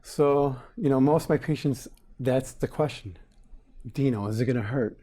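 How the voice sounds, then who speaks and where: Mellow dentist guy in his 40s, chatty, acts out what his patients said. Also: mid-range voice, normal speed. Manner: animated storyteller, acts out quotes. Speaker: dentist guest. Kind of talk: casual interview talk.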